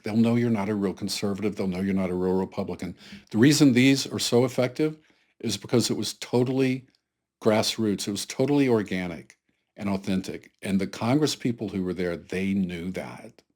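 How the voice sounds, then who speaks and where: A man's voice: medium pitch, a little mellow. A man from the American South hosting his own channel, talking earnestly to camera in a conversational solo commentary. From Atlanta, Georgia, US South. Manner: earnest, conversational, pleading with viewers. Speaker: political commentary channel host.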